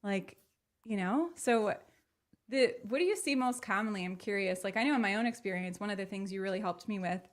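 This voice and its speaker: A woman's voice: mid-range voice, fairly quick. A woman hosting a casual livestream interview over a video call, talking in a chatty, enthusiastic way with many fillers. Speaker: host.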